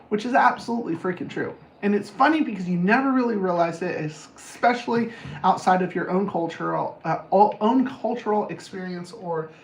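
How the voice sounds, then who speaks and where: A man talks through anger tips in a casual, blunt way, swearing freely and cracking jokes at himself. His voice is mid-pitched. The room is echoey, with a faint hum of ambience underneath. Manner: blunt, profane, jokey, self-mocking. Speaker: anger management coach. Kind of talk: casual monologue on camera. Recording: roomy echo, faint background noise.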